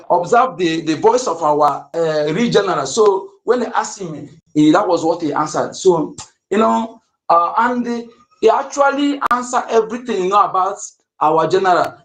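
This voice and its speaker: A man's voice: high-pitched, echoey room, rough recording. A man moderating an online audio space, speaking in an earnest, rallying, preachy way.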